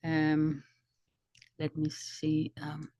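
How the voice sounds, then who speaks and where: A woman commentator explaining events slowly, often pausing to search for words. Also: sits low, monotone, warm tone, husky, dry recording. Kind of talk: commentary video.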